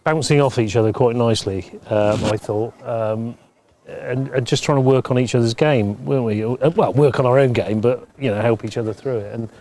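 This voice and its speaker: Brief: man, mellow tone, earnest hesitant co-commentator. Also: medium pitch, moderate pace. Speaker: cricket co-commentator. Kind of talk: casual live commentary.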